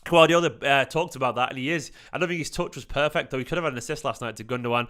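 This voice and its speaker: A man hosting a casual fan livestream, excitable and rambling, urging viewers to act. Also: medium pitch, very fast, clear, resonant tone. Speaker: host of a fan channel. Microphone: desk mic.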